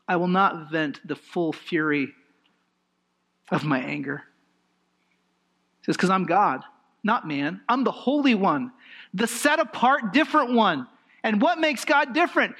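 A high-pitched pastor preaches a sermon, emphatic and animated. He poses rhetorical questions and shifts his emphasis in lively swings.

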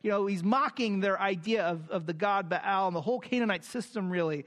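High-voiced man preaching a verse-by-verse sermon. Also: a little fast, fairly bright tone. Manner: explains scripture with fillers, reads verses with rising emphasis. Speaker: pastor.

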